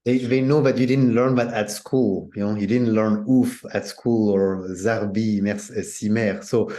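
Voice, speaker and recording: A man, a guest teacher in a casual chat, relaxed and hedging with many "you know"s. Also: on the low side, a little slow.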